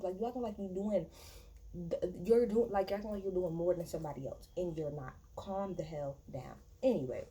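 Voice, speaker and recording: A woman's voice: mid-range voice, mellow, slight background noise, poor audio. A woman giving a casual, blunt and profane recap of a reality TV episode, talking in a chatty way with many fillers and restarts. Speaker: reality TV reviewer.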